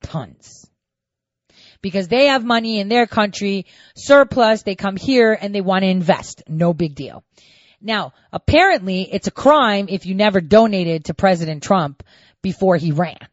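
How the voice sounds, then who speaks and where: A woman giving opinionated political commentary in a sarcastic, animated way, reading out quotes and mocking them. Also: mid-range voice, moderate pace, no echo, lo-fi sound.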